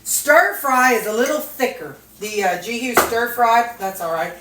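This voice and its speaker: A woman's voice: fairly high pitch, animated, moderate pace, noisy background. A woman vlogger cooking at home in a casual, folksy way, chatting to her viewers and dogs. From Missouri, USA. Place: home kitchen. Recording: echoey kitchen with sizzling skillet.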